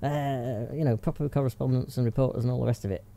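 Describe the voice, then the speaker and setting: A man's voice: medium pitch, steady tone, quick pace, gravelly, warm tone. A man co-hosting a podcast, ranting casually, laughing and swearing. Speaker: podcast co-host. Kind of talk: casual chat.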